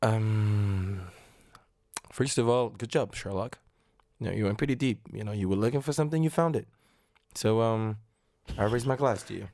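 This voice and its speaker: A man with a fairly low voice, co-hosting a casual podcast. He mostly listens and then cuts in with short, deadpan, teasing lines. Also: normal speed, long pauses. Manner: dry, teasing remarks. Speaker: podcast co-host. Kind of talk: casual chat.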